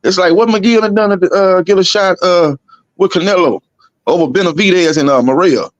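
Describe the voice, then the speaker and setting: A man's voice: high-pitched, no echo, lo-fi sound. A man co-hosting a boxing talk show in casual chat, loose and repetitive in his phrasing. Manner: fast, loose, repeats himself. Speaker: boxing podcast co-host.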